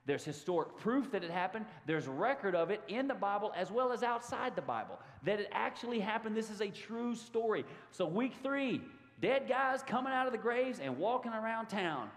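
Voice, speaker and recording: A man preaching a sermon to his congregation, animated and given to sudden loud outbursts. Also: high-pitched, normal speed. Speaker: pastor. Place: church sanctuary. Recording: long hall reverb.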